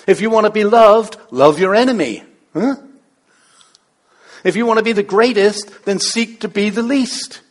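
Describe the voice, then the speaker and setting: High-voiced guy preaching, chatty and playful, keeps asking rhetorical questions. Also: moderate pace, hardly any pauses. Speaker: pastor. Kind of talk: sermon.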